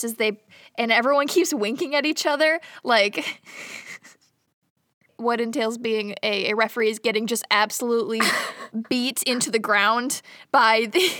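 A woman's voice: on the high side, pushed and bright, dry recording, studio quality. A young woman casually retelling a movie plot to a co-host, chatty and giggly, acting out the characters' lines. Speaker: podcast co-host.

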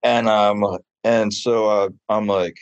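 A man being interviewed about his mural work, telling stories in a casual, animated way full of fillers. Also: on the low side, slow, clear, resonant tone, no echo, highs cut off. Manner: animated, chatty, many fillers. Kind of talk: casual storytelling.

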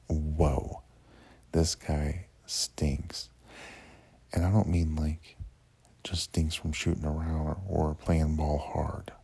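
A man's voice: rumbling low, level tone, slow, gravelly, dark tone, breathy edge. A man casually telling a rambling, profane story about his day, full of fillers and restarts.

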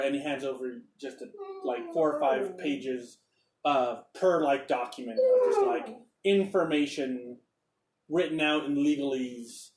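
A man's voice: on the high side, big pitch swings, measured pace, darkish tone, distant mic. A man narrating as game master in a rambling, hesitant way. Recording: roomy echo, off-mic.

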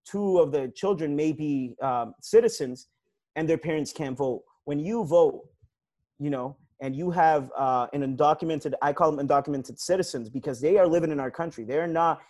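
Earnest man with a dark, mellow voice. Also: on the high side, normal speed, no echo. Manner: earnest, lots of um and you know. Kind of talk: casual conversation on civic issues.

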